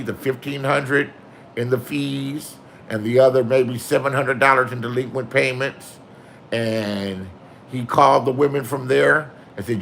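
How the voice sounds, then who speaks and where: A man's voice: medium pitch, gravelly, a bit bright, slight background noise. A man in his sixties telling rambling, profane anecdotes in a casual storytelling style, acting out the people in them.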